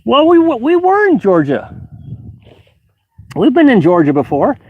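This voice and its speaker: A man's voice: very high-pitched, wildly swooping pitch, measured pace, breathy edge, dry recording, phone-quality sound. A man hosting a casual outdoor live stream, reading chat aloud and rambling with many fillers and restarts. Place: outdoors at a high-altitude campsite.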